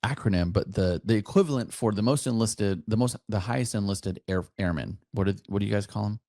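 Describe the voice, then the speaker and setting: A man's voice: fairly low pitch, brisk, dark tone, no echo, studio quality. A man who is a soldier, chatting as a podcast guest, hesitant with many fillers. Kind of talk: casual interview chat.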